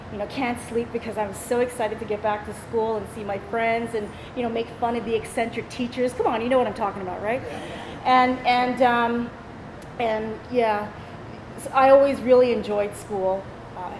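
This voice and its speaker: A woman hosting a talk show, telling animated stories straight to a live studio audience. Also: on the high side. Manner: animated, chatty, addresses the audience. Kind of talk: storytelling monologue to a studio audience. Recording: echoey studio with audience noise.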